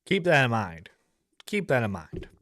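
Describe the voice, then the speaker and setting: A man's voice: medium pitch, big pitch swings, unhurried, a bit bright, no room sound, studio quality. A man giving casual, rambling commentary as a streamer reacting to a video, with lots of fillers and blunt profanity.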